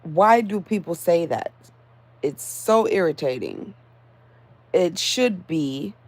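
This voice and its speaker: Low, slow woman with a groggy morning voice. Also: lively intonation, darkish tone, dry recording. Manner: halting, with many fillers and restarts, then firm and insistent. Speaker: vlogger. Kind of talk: casual solo vlog talk.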